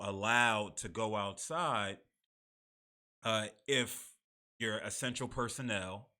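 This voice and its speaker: A man's voice: on the low side, sharp tone. A man from the United States, hosting a live online talk show in a casual, conversational way with frequent laughs and restarts. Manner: conversational, laughs between remarks, many restarts.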